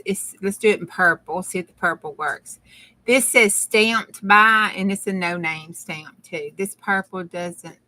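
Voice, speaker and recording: On her crafting channel's livestream, a middle-aged woman with a Southern US accent makes casual conversation with viewers and frequently breaks into laughter. She has a lowish, bright voice with a forceful tone.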